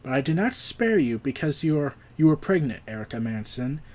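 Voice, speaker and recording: A man voicing a calm, detached godlike male superbeing from a comic, speaking low, quiet and measured. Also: lightly acted.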